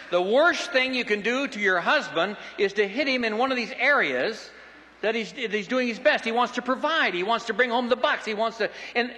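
A middle-aged man preaching in a folksy, joking way, his voice pitched high and ringing bright. He delivers an animated sermon that carries a long echo through a hall.

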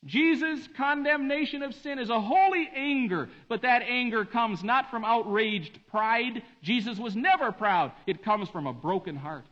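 Male preacher, high voice, dramatic hushed-to-emphatic sermon style, muffled lo-fi sound. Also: a little slow, few pauses. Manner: dramatic swings between hushed and emphatic delivery. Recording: dull lo-fi recording.

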